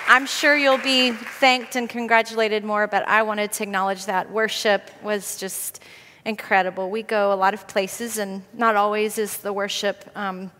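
Middle-aged woman, Southern accent, playful conference speaker; bright, lively tone, long hall reverb. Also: mid-range voice, normal speed. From Southern United States. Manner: warm chatty storytelling, laughs often, playful. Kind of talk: conference talk from a stage.

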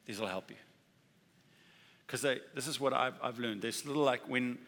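A male pastor delivering a sermon in a large, echoing hall, where the long reverb trails after each phrase. His pitch sits in the middle range. He talks conversationally and drives his points home by repeating key words and acting out short exchanges. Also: moderate pace, a bit bright. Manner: conversational preaching with acted-out dialogue and emphatic repetition.

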